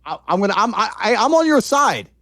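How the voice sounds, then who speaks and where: A middle-aged man speaks fast in a casual stream chat, with a slightly raised pitch. His deadpan teasing sounds close and dry, with no room around it. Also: no echo. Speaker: guest.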